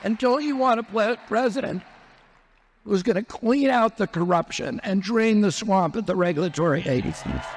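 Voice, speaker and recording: A man's voice: high-pitched, animated, normal speed, slight background noise. Man asking rally crowd rhetorical questions. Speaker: speaker at a political rally. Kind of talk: rally speech.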